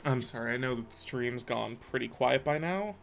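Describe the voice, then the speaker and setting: A man's voice: medium pitch, normal speed, vocal fry, a bit bright, slight background noise. A young man on a live stream who mutters to himself and swears often. He is stressed and frustrated while he builds something by hand. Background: faint background music.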